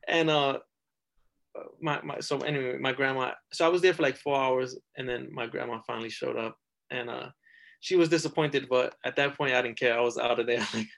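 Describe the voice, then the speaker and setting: A man's voice: medium pitch, fairly quick, gravelly. Chatty New man telling stories. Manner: rambling, heavy use of "like", lively retelling. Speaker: podcast guest. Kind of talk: casual storytelling.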